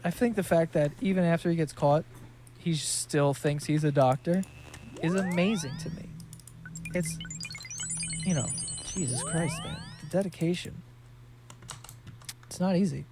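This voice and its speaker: A man's voice: fairly high pitch, noisy background. A young man from New York City chatting casually while he plays a game, telling stories with lots of swearing and laughter. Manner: profane, laughing, animated storytelling. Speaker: gaming streamer.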